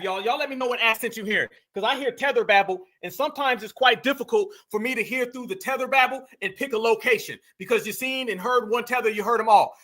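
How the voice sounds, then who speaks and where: A man's voice: very high voice, sharp tone. A man hosting heated reaction commentary, mocking and emphatic, talking straight to his viewers. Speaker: commentary host.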